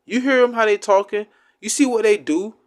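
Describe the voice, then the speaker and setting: Heated high-voiced man ranting. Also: fairly quick. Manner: heated, profane, swinging between shouts and mutters. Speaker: religious commentator. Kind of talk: impassioned preaching rant.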